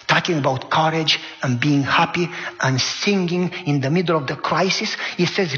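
A man's voice: on the high side, normal speed. A middle-aged man preaching a sermon, telling a story and acting out the voices of the people in it. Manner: animated storytelling, acts out voices. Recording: dull, hall-like reverb.

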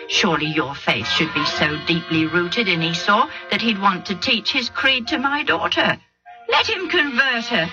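A woman's voice: low-pitched, close to an everyday voice. A woman doing a furious older man, proud and scornful, his voice raised in indignation. Faint music runs under the dull storybook recording. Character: angry older man, proud father of the bride.

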